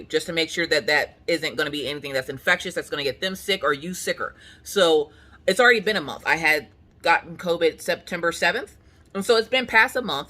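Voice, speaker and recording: A woman's voice: sits low, sharp tone. A young adult woman in a casual at-home chat, telling a story in a dramatic, comic way and acting out the people in it. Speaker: craft vlogger. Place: at home on a couch.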